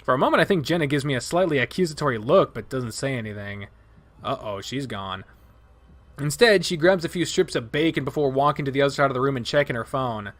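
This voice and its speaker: Expressive man narrating a visual novel. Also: medium pitch, brisk. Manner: expressive, dramatic read with asides. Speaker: let's player reading a visual novel. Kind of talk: narrating a game aloud.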